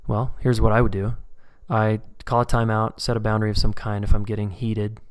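This instructor leading a live online course has a fairly low, smooth voice, delivered briskly and in a monotone. He keeps things conversational, performing brief sample conversations to illustrate his points.

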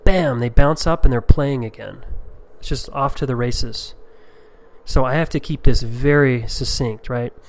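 A man's voice: mid-range voice, unhurried. A middle-aged man teaching a class on emotional repair in a conversational, rambling way with many ums and asides.

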